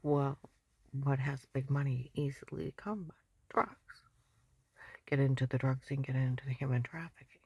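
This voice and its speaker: A woman telling a rambling personal story in an agitated, repetitive way, often dropping to a breathy whisper. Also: rumbling low, darkish tone, no echo.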